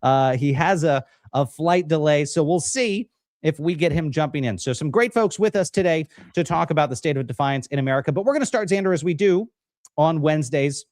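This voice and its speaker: A man hosting a live political stream, talking in an energetic, jokey way as he hypes up the guests. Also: a little high, brisk, no room sound, clean studio sound. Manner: energetic, jokey, hype-building introductions. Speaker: livestream host. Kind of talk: upbeat live-stream show opening.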